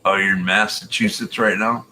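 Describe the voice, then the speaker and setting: A man's voice: on the low side, steady tone, normal speed, sharp tone, slight background noise. A man hosting a casual live stream, chatting with callers and reading viewer comments aloud.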